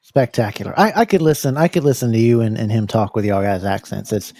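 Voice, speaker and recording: An American man hosting a live podcast, energetic and full of fillers, repeating words as he goes. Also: on the low side, fast. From United States. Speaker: podcast host. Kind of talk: casual live podcast chat.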